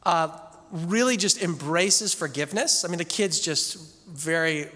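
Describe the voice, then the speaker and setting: A male pastor preaching a sermon in a church, telling stories casually and slowing down for emphatic scripture reading. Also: fairly high pitch, pushed and bright. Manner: conversational storytelling that slows into emphatic scripture reading. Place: church sanctuary. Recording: echoey church hall.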